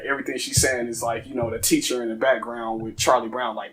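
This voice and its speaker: A man telling funny stories as a guest on a casual talk show, animated and laughing often. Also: mid-range voice, fast, few pauses. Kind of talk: casual podcast storytelling.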